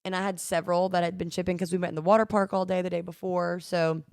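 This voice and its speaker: A woman's voice: fairly low pitch, flat delivery, fast talker, vocal fry, darkish tone, clear, resonant tone, no echo, studio quality. A woman from the American South with a Southern accent, chatting casually as a podcast co-host and laughing often, recorded on a phone at home. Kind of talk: casual chat.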